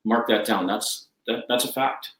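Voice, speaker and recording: A man's voice: lowish voice, moderate pace, fairly bright tone, roomy sound, low-quality recording. A man talking as a guest life coach, enthusiastic and emphatic, repeating his key phrases. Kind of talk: energetic conversational talk.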